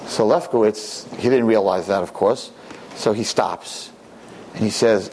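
A man telling a story aloud in an animated, conversational way, with casual restarts. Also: lowish voice, a little slow, a little hiss or hum. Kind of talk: oral storytelling.

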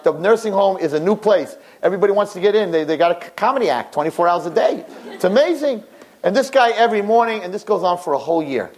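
Expressive male storyteller. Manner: repetitive, expressive, rising pitch at high points. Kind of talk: animated oral storytelling.

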